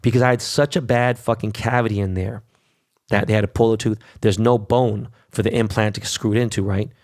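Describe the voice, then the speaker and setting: A man's voice: fairly low pitch, fairly even intonation, a little fast, a little mellow, dry recording, clean studio sound. A man hosting a podcast in a brash, casual monologue, swearing constantly and tagging "right?" onto his sentences. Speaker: podcast host. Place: New York.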